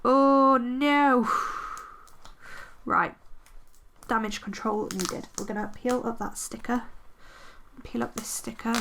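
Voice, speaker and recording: Against a noisy background, a woman with a slightly high, creaky voice chats while decorating her planner. The planner vlogger rambles with fillers and pokes fun at herself in casual crafting narration.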